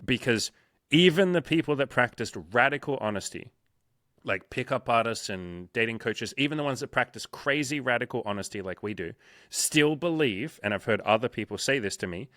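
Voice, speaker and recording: A man's voice: medium pitch, moderate pace, dry recording, studio quality. A young man hosting as a dating coach, talking bluntly and profanely, acting out quotes as he tells stories. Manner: blunt, profane, animated storytelling with acted quotes. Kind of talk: casual interview chat.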